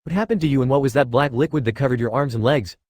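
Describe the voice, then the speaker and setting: A cheerful young heroine who dotes on her partner, read by a man. The lines come fast and plain. The sound is dry. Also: medium pitch, a little mellow, dry recording, natural voice. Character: cheerful young woman hero, affectionate.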